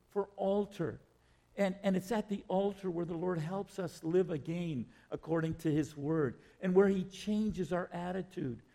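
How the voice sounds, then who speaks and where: A man delivering a sermon, his voice set fairly high and roughened by a gravelly fry. He speaks slowly and deliberately, circling back to repeat his phrases. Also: mellow. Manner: slow, measured, repeats phrases. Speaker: preacher.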